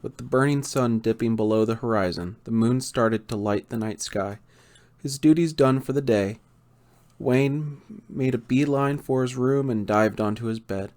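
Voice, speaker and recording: Male audiobook narrator, mid-pitched, playful and lively with character voices. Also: moderate pace.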